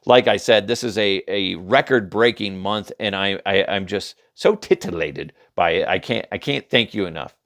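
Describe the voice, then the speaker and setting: A man's voice: sits low, moderate pace, few pauses, fairly bright tone. A man hosting a podcast, ranting casually and profanely through funny news headlines, often stumbling and restarting. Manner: rambling, profane, laughs at own jokes, does mocking voices. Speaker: podcast host. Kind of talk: casual comedic headline rant.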